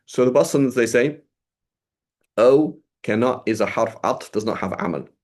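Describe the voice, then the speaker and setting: A man's voice: medium pitch, normal speed, darkish tone. A man teaching Arabic grammar to a small group over a video call, explaining step by step and checking in with a frequent "right?".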